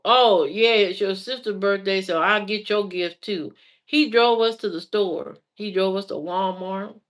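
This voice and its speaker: An adult woman telling stories in a casual, chatty way, laughing often as she goes. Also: mid-range voice. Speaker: vlogger. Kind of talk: casual storytelling.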